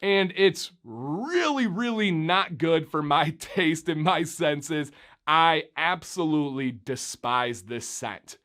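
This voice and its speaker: A young man from Michigan talks straight to camera in a casual beard-oil review vlog. His voice sits a little higher than most men's, and his delivery is chatty and animated. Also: slow. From Michigan, USA.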